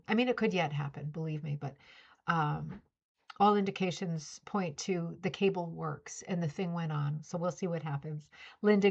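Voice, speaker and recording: Woman, middle-aged, casual livestream host, friendly rambling chat, slightly muffled sound. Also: lowish voice. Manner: chatty, greets viewers by name, coos baby talk to her dog. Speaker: livestream host of a rug hooking club. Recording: slightly dull lo-fi livestream audio.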